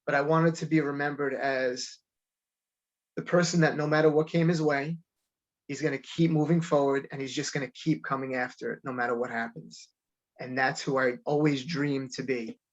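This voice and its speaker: A man with a New York accent, a high school teacher, earnestly telling his story as a guest in a remote podcast interview. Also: muffled recording.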